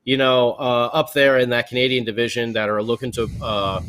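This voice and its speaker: Male podcast host, mid-pitched, rambling casual sports talk. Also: level tone, a little fast, fairly bright tone, clean tone. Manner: rambling, many fillers and restarts.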